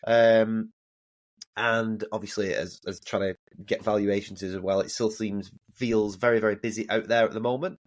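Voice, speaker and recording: A man's voice: on the low side, fairly even intonation, normal speed. A man co-hosting a podcast who talks casually and hesitantly with many ums. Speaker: podcast co-host.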